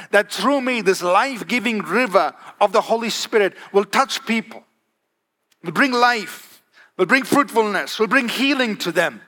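A man's voice: high-pitched, measured pace, a bit bright. A man preaching a sermon, emphatic, asking the congregation for "Amen?" and varying his pace. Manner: emphatic, calls for "Amen?" and varies pace for effect.

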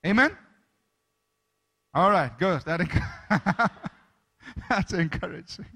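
High-voiced, slow-preaching male pastor. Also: lively intonation, vocal fry, pushed and bright, breathy edge. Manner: emphatic, preacherly, asks the congregation for amens. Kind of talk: sermon.

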